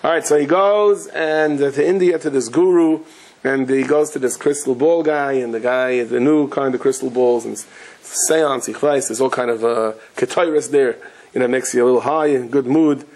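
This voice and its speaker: A rabbi giving a Torah lecture, telling stories in a lively way with Yiddish and Hebrew terms mixed in. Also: male voice, mid-range voice, normal speed, poor audio. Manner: animated storytelling, sprinkled with Yiddish and Hebrew terms.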